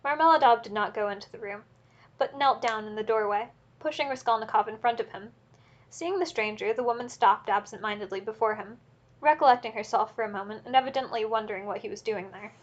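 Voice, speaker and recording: Woman narrating an audiobook, muffled sound. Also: on the high side. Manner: steady, measured literary reading. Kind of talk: audiobook reading of a classic novel.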